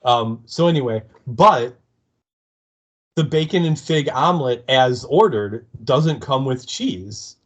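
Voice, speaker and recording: Male co-host, chatty and digressive, very animated pitch. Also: highs cut off. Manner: chatty, digressive, quick to agree. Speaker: podcast co-host. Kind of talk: casual chat.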